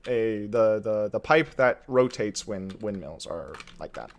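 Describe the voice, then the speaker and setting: A man's voice: on the low side, animated, measured pace. A man streaming a building game from his desk at home, thinking aloud in casual commentary, reading chat and chuckling often.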